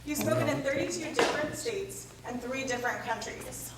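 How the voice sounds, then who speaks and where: A woman reading out an introduction of a speaker in a brisk, list-like way. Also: sits high, very noisy. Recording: very echoey hall, from far off.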